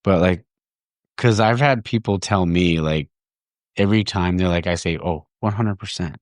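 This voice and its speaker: A man's voice: sits low, normal speed, no room sound, studio quality. A man hosting a podcast in casual chat, laid-back and rambling with lots of fillers. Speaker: podcast host.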